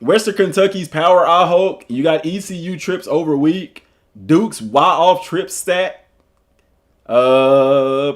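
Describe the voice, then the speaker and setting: A man with a Southern US drawl gives casual live commentary, reading passages aloud, then breaking off to joke with his viewers. His voice sits fairly high for a man and swings widely in pitch. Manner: animated and joking, chats with viewers between read passages. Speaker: streamer and school football coach.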